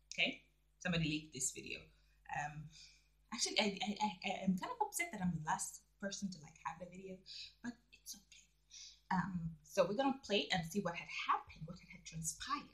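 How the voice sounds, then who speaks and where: A woman chatting casually in gossip commentary, acting out the quoted people with big jumps in pitch. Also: big pitch swings, a little fast, sharp tone. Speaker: vlogger.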